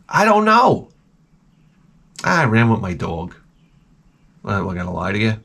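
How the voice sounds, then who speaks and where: A middle-aged man hosting his channel, telling a comic story in a profane, animated rant full of restarts. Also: on the low side, a little slow, gravelly, long pauses, breathy edge. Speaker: host.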